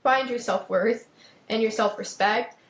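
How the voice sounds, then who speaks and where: A young woman with a voice on the high side speaks unhurriedly as she hosts a podcast about self-worth. She presses her points, repeats phrases, and talks directly to listeners in this personal monologue. The recording is rough and reverberant.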